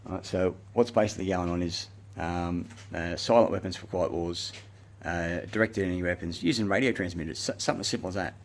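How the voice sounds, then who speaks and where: Deep-voiced Australian man ranting. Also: fast, hardly any pauses. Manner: profane, agitated, rambling ranting. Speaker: self-recorded speaker. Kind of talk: rambling monologue.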